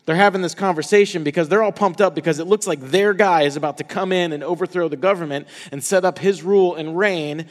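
A man's voice: high voice, fast, few pauses, big-room sound. A man preaching a sermon in an earnest way, restarting and repeating words as he builds emphasis. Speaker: pastor.

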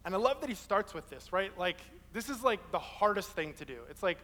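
A young man preaching a sermon in a casual, animated way, telling a personal story. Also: high voice, fairly quick, few pauses, big-room sound. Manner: casual, animated, acts out quoted people in his story.

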